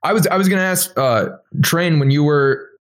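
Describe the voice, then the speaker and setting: A man's voice: fairly high pitch, moderate pace. A man on a podcast asking probing questions casually, with filler words. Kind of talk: casual chat.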